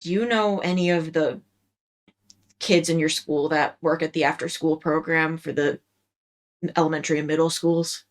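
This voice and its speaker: A woman's voice: low voice, fairly even intonation, normal speed, long pauses, lightly acted. A woman voicing a stern police officer father who lectures his son.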